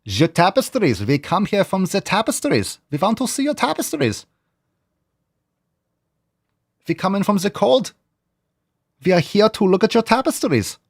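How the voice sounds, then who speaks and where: Man as a boastful castle keeper in a goofy mock accent, raised pitch, bouncy. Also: sing-song, normal speed, no room sound, clean studio sound, heavily acted. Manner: stiff mock foreign accent.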